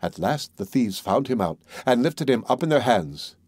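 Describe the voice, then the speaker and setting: A man narrating a fairy tale audiobook in a measured, even storytelling manner. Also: mid-range voice, slightly rough, no echo, studio quality.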